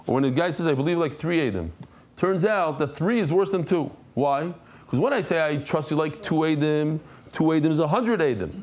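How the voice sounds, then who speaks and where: A middle-aged male rabbi leading a lively Talmud lesson with a somewhat raised, higher voice. He explains in a conversational way, with quick asides and Hebrew and Aramaic terms folded into his English. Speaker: rabbi teaching a daily Talmud class.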